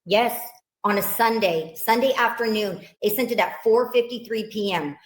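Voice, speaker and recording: A woman, a victim's mother, recounting events in an emotional interview, halting with many restarts and quoting what others said. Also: fairly high pitch, reverberant, low-quality recording.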